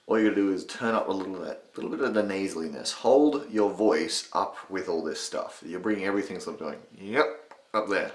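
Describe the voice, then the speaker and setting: A young man casually teaching a voice impression, rambling, swearing and restarting his sentences. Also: deep voice. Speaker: channel host teaching impressions. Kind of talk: casual tutorial. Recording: echoey room.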